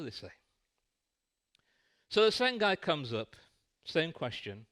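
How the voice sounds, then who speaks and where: Animated, light-hearted man preaching. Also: a little high, slow pace. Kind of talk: sermon storytelling. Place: church.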